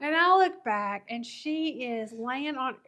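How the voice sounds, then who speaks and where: A woman's voice: high voice, expressive, slow, noisy background. A woman co-hosting a craft show, telling a story in casual chat and laughing a lot.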